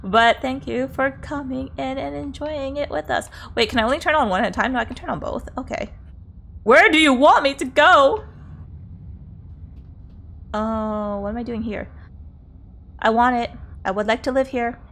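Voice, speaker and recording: A woman's voice: fairly high pitch, brisk, gravelly, slight background noise. A woman streamer chatting casually during a game livestream, greeting viewers, exclaiming at the game and laughing often.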